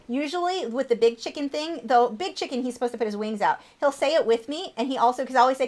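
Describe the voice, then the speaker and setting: A woman's voice: lively intonation, quick pace, few pauses, darkish tone. Chatty woman hosting an art livestream. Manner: chatty, coos high at her pet bird. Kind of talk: casual livestream chat.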